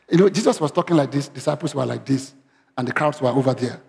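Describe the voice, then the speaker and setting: A man's voice: medium pitch, quick pace, vocal fry. A male pastor, preaching a sermon in church and often asking the congregation questions. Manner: interactive, asks congregation questions; animated, raising voice when quoting. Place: church hall. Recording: long hall reverb.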